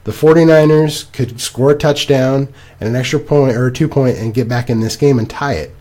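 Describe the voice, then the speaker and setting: A young man co-hosting a casual podcast, rambling and animated as he recaps games. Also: mid-range voice, a little fast. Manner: animated, rambling, laughs at himself. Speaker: podcast co-host. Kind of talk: casual fantasy football chat.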